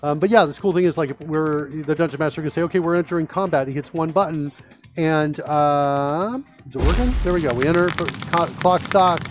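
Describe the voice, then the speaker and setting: A man's voice: on the high side, moderate pace, soft background music. Chatty man with a raised voice. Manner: chatty, rambling with many fillers. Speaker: host. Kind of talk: live-streamed coding chat.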